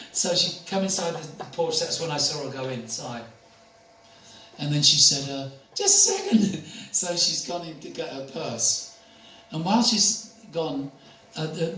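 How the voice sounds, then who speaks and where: A man's voice: fairly high pitch, fairly bright tone. An older man giving a spiritual talk, chatty and anecdotal, who laughs often. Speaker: spiritual speaker. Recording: echoey room, distant mic, faint noise.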